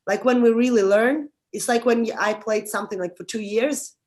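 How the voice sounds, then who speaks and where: A young adult woman with a Russian accent, speaking English in a casual interview as a director and actress, halting and restarting as she explains. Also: on the high side. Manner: halting, restarts often, animated advice.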